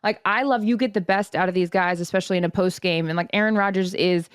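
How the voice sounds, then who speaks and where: A woman in her forties chats with her co-host, steady and reassuring. Her voice sits at a middle pitch and is recorded close and dry, with no room sound. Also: quick pace, smooth, dry recording. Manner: reassuring, supportive. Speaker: podcast co-host. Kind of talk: casual chat.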